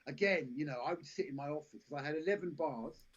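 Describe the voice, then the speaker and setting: Brief: male guest, husky, lively storyteller, dull lo-fi stream sound. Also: on the high side, fast talker. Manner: rambling anecdotes, frequent restarts, laughs at own stories. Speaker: actor and director, podcast guest. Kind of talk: casual storytelling interview. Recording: lo-fi live stream audio.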